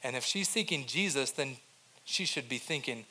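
A young adult male pastor preaching a sermon in a conversational way, moving between soft, quiet passages and emphatic, louder points. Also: medium pitch, expressive, moderate pace, slight background noise.

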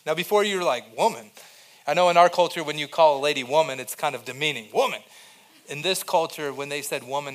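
A young adult male pastor preaching a sermon in a conversational way, moving between soft, quiet passages and emphatic, louder points. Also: on the high side.

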